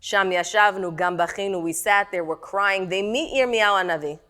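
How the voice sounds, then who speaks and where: A middle-aged woman teaching a text-study class, animated and questioning her students. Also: medium pitch, a little fast.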